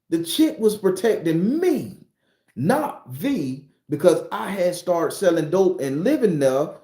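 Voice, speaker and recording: A man from southern Florida telling a true spooky story in a loose, profane, animated way, acting out the voices he quotes. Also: on the high side, reverberant. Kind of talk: casual spoken storytelling.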